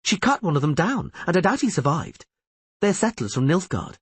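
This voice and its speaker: A man's voice: on the high side, big pitch swings, moderate pace, breathy edge, no room sound, voice pushed up. A man doing a sneering young outlaw. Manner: scornful, heated. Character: sharp-tongued young outlaw, protective and sneering.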